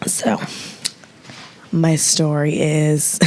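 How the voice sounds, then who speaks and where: A young woman, a nurse, telling a story in a casual, animated way, laughing and acting out the people in it. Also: low voice, normal speed. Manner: animated, laughing, quotes people in lively voices. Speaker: nurse and podcast host.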